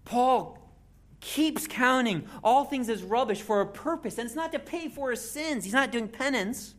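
A preacher giving an expository sermon in an animated way, with jokey asides and frequent restarts. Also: medium pitch, unhurried.

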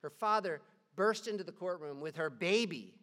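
Preacher telling stories, big hall reverb. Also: male voice, high voice, normal speed, sharp tone. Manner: earnest storytelling, casual modern phrasing. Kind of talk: sermon.

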